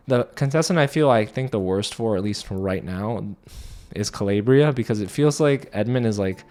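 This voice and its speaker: A man hosting a casual reality-show recap from a studio set, talking in an animated way and acting out lines in other voices. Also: fairly low pitch, moderate pace. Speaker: TV recap host.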